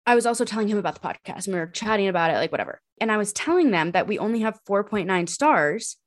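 A woman in her twenties talks fast in a mid-range voice with lively intonation. Co-hosting a podcast, she tells a rambling story in casual chat, full of fillers and laughter.

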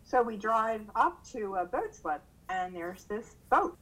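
An older woman reminisces in a relaxed interview. Her voice is bright and clear. She tells her stories with lots of energy and leaps high in pitch when she acts out what people said. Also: a little slow, low-quality recording. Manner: animated, acts out quoted voices with big pitch jumps. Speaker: interviewee, mother recalling her son. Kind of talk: casual storytelling in a conversation.

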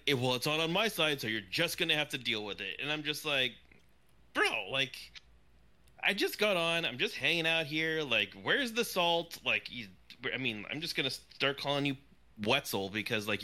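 Brief: male podcast co-host, lively mock-outraged storyteller, bright and sharp tone. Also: mid-range voice. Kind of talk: casual banter.

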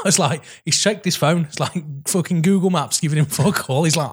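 A young British man co-hosting a casual podcast. He swears freely and laughs often. He slips into quick put-on voices when retelling film scenes. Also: fairly high pitch, huge pitch swings, breathy edge. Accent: British English. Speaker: podcast co-host. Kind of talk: casual chat.

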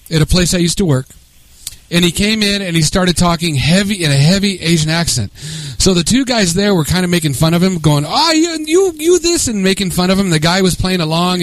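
A man co-hosting a comedy radio talk show, loud and jokey, telling stories and breaking into mock voices. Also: sits high, no room sound. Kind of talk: casual comedy radio chat.

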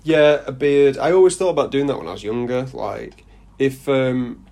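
A man's voice: medium pitch, vocal fry, a little mellow. A man co-hosting a casual podcast, joking around with playful asides. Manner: playful, jokey, quick asides. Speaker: podcast co-host. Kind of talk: casual chat.

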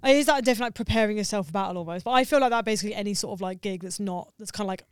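A woman comedian chatting casually on a podcast, frank and quick, with frequent agreeing yeahs. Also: medium pitch, smooth, no room sound, studio quality.

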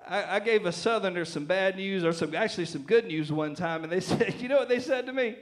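A man's voice: high-pitched, a little fast. A man with a Southern American accent preaching a sermon as a pastor, folksy and joking, checking in with the congregation often. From Southern United States. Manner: folksy, joking, lots of "right?" and laughter.

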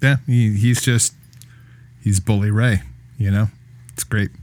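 A man hosting a wrestling podcast, telling a profane, animated story in casual chat. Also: on the low side, unhurried, no echo. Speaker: podcast host.

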